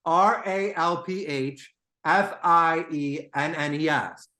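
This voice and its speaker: A young man co-hosting a casual movie podcast, excitable and quick to jump between topics. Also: fairly high pitch. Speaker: podcast co-host. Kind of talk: casual chat about movies.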